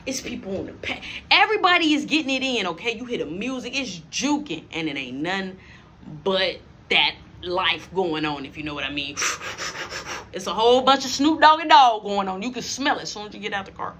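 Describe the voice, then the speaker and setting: A man's voice: high voice, a little fast, a little hiss or hum. A young man telling a story from his past in a storytime vlog, acting out each person's voice. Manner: animated, acts out every voice.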